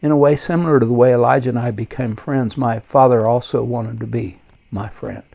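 A man's voice: medium pitch, brisk, creaky, mellow. An older man, a pastor, reading his own memoir aloud in an earnest, reflective way.

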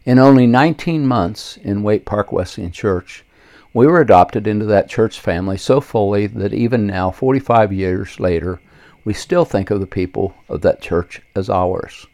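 An older man reading his own memoir aloud in a measured, earnest way, with occasional slips. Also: fairly low pitch, darkish tone, no room sound. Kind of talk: memoir narration.

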